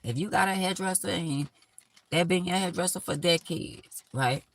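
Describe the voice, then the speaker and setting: A woman's voice: lowish voice, moderate pace. A woman hosting a live stream, giving blunt, emphatic life advice in a casual, preachy way.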